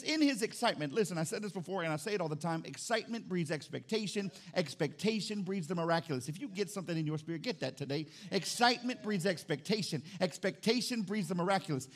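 A male pastor preaching an animated sermon in church, calling out to the congregation and acting out little scenes. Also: high-pitched, quick pace, hardly any pauses. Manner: animated, acts out quotes, calls out to congregation.

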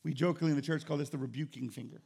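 A middle-aged man preaching a sermon as pastor, conversational and joking, with an animated delivery. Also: fairly high pitch, racing, gravelly, breathy edge.

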